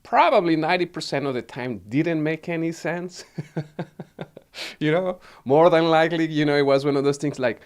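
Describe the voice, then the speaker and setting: A man's voice: fairly high pitch, normal speed, smooth. A man from Mexico with a Mexican Spanish accent, hosting a wellness livestream and telling a personal story casually, laughing often and repeating words.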